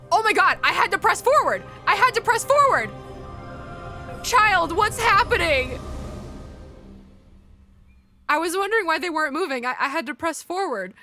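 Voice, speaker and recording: A woman's voice: very high voice, big pitch swings, a little fast, bright, forceful tone. A woman streamer giving live gameplay commentary, reacting aloud in an emotional, exclamatory way. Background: faint game music.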